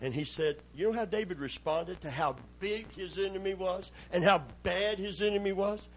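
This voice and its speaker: A man's voice: sits high, moderate pace. A man, a pastor, preaching a sermon emphatically and calling out for amens and hallelujahs.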